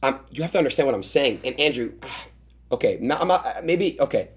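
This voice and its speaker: Fast-talking excitable young man streaming. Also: mid-range voice. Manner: excitable, stammering, repeats himself. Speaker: streamer host. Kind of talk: casual stream chat.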